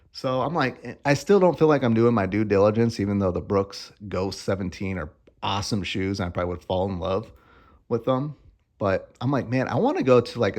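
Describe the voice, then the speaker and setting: A man's voice: deep voice, a little mellow. A young man vlogging in a casual, rambling way, joking and swearing offhand. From Arizona. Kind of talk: casual chat.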